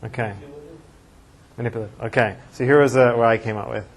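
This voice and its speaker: A rabbi teaching a classroom lecture, thinking aloud and reading verses aloud with emphasis, with class discussion. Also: male voice, medium pitch, steady tone, fast.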